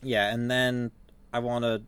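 A man's voice: medium pitch, little pitch movement, unhurried, a bit bright, clean tone. A young man co-hosting a podcast, chatting casually in a matter-of-fact way. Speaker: podcast co-host. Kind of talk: casual chat.

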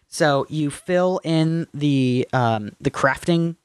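A man with a fairly high voice chats bluntly on a podcast. He swears casually and explains things with eager enthusiasm. The sound is dry and close. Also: slow pace, smooth, dry recording. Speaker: podcast co-host. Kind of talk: casual chat.

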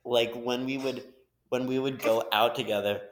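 A man's voice: medium pitch, steady tone, normal speed, slight background noise. Laughing young-sounding man joking around. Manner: laughing, joking, loose rambling talk. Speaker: podcast co-host guest. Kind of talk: casual podcast chat.

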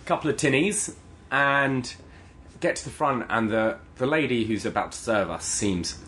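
A man from the UK with a British accent, co-hosting a podcast and telling stories in a lively way. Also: medium pitch, moderate pace, slight background noise. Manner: lively, animated storyteller. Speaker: podcast co-host. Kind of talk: casual storytelling.

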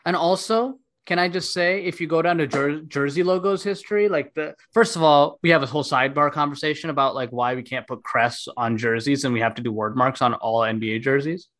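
Podcast host, man, emphatic, opinionated, a bit higher voice. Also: brisk, few pauses, a bit bright. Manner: opinionated, emphatic, repeats points. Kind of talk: casual chat.

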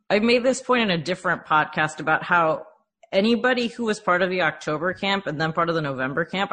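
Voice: mid-range voice, bright, forceful tone. A panelist on a casual sports podcast, speaking with enthusiasm and light joking.

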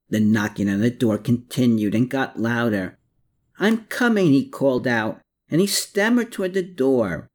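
Expressive audiobook storyteller. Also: medium pitch. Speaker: audiobook narrator. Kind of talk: scripted storytelling narration.

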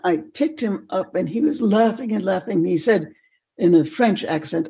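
An older woman, a podcast guest, telling animated stories and laughing often. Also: medium pitch, moderate pace, gravelly. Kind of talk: storytelling in a podcast interview.

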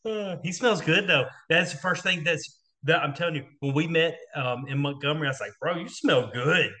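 A man's voice: fairly high pitch, moderate pace, bright, forceful tone. A man co-hosting a casual podcast, talking with enthusiasm and saying "dude" and "like" a lot. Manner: enthusiastic, says "dude" and "like" often.

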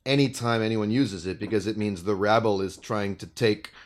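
A man's voice: on the low side, moderate pace. A man co-hosting a podcast, earnest and searching for his words. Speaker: podcast co-host. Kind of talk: casual podcast discussion.

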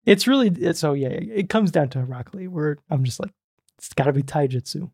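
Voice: mid-range voice, animated, fairly quick, vocal fry, darkish tone, husky, no room sound, studio quality. A podcast co-host in casual chat, joking and putting questions to the other host.

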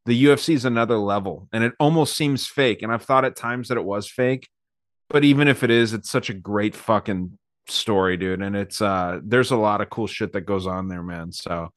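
A young man co-hosting a podcast, chatting excitedly and swearing often. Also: fairly low pitch, moderate pace, no echo, clean studio sound. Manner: excited, swearing, quoting in raised voice. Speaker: podcast co-host. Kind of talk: casual podcast chat.

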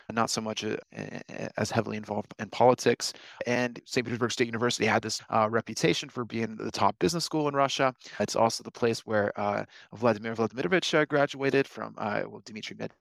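A man's voice: medium pitch, gravelly, fairly bright tone, dry recording, rough recording. A young American man, an interview guest, telling his story in an easygoing, enthusiastic, rambling way. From United States. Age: young adult.

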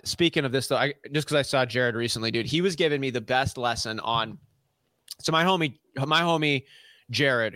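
A man's voice: medium pitch, pushed and bright, clean tone, dry recording. A man, co-hosting a podcast, tells a story in casual chat, acting out the quotes and laughing often. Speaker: podcast co-host.

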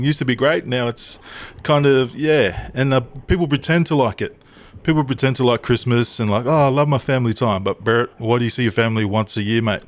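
A young man co-hosting a podcast, swearing, teasing his mates and calling them "mate". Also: mid-range voice. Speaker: podcast co-host. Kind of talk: casual banter.

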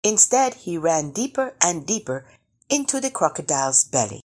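A woman reading a children's picture book aloud, slow and expressive. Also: lowish voice. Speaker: storyteller.

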